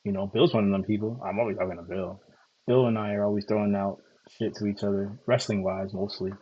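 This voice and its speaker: A man from Connecticut in a long, casual monologue, loose and profane, circling back over the same points. His voice sits a little low and sounds husky. The recording is dull and lo-fi. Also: fairly even intonation, quick pace. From Connecticut, USA. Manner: loose, profane, repetitive storytelling with many fillers. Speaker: streamer host.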